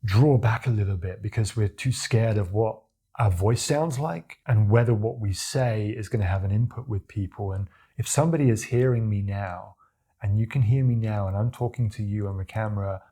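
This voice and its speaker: Deep-voiced communication coach. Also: male voice, moderate pace, slightly rough. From Australia. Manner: demonstrative, animated, acts out examples with his voice. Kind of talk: talking-head tutorial to camera.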